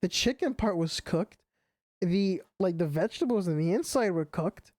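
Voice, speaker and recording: A man's voice: high-pitched, lively intonation, normal speed, darkish tone, no room sound, clean studio sound. A young man streaming a game, chatting casually and rambling with plenty of fillers. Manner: rambling, full of "like" and "you know" fillers. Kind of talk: casual chat while gaming.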